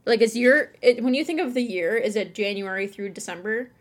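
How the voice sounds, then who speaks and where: Co-hosting a podcast, a young woman from Buffalo, New York talks fairly quickly in a fairly high voice. The chat is casual and laughing, with many restarts.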